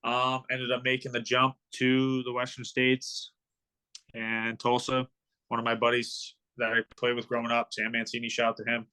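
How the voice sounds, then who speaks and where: A man's voice: mid-range voice, completely flat delivery, normal speed, bright, forceful tone, clean tone. A young man in his twenties, a professional hockey player, telling rambling stories in a casual podcast interview, full of ums and likes. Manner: rambling, filler-heavy storytelling.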